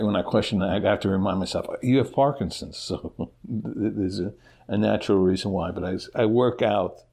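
A middle-aged man answers interview questions in a low voice with a gravelly, husky grain. He talks haltingly, restarting and repeating words as he goes, and the tone stays conversational. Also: darkish tone. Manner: halting, repeats words, self-deprecating laughs. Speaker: interview guest, teacher living with Parkinson's.

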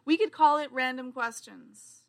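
A woman's voice: high voice, unhurried. A woman from Canada co-hosting a podcast, playful and teasing in casual chat. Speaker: podcast co-host.

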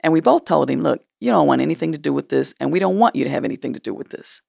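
A woman telling a personal story in a measured, low-key way, acting out the lines other people spoke. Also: lively intonation, gravelly, dark tone, no echo, studio quality. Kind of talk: personal story told to listeners.

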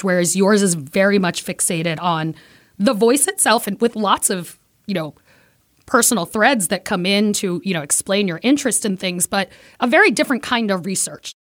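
A woman's voice: medium pitch, dry recording, studio quality. A woman hosting a podcast, talking in a chatty, conversational way. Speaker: podcast host. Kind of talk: casual interview talk.

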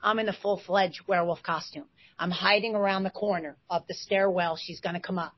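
A woman in her forties, a former basketball player, telling stories as an interview guest with lively bursts of excitement. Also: fairly low pitch, brisk, no echo. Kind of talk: animated storytelling. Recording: dull, slightly lo-fi sound.

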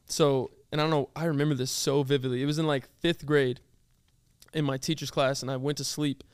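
A young man hosting a podcast, telling stories in a casual, animated way and laughing often. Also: mid-range voice, a little fast, smooth, no echo, studio quality. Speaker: podcast host. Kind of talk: casual chat.

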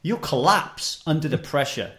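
A man from the UK tells his story in a slightly high voice. He talks with raw intensity, swears often and repeats himself as he pushes his point. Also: animated, normal speed, pushed and bright. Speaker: podcast guest. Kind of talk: emotional personal storytelling.

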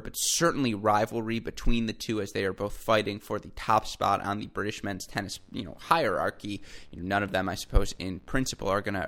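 Low-pitched male podcast host, upbeat and chatty, talks straight to his listeners. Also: a bit bright. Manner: enthusiastic, chatty, addresses listeners as folks. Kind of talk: solo podcast commentary.

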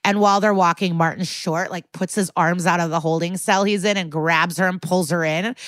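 A woman co-hosting a podcast, recapping a TV episode in casual chat with a profane, animated delivery. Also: fairly low pitch, brisk, no echo, clean studio sound. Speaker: podcast co-host.

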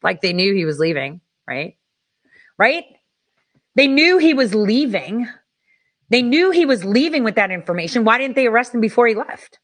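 Brief: woman host, somewhat high voice, heated and profane commentary, hammers points by repetition. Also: very animated, moderate pace, long pauses. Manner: profane, heated, repeats herself. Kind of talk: angry political commentary.

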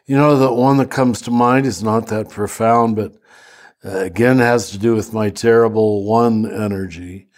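An older man, a priest, telling stories in a slow, reflective conversation with some self-deprecating humor. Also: fairly low pitch, fairly even intonation, a little mellow. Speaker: priest and teacher.

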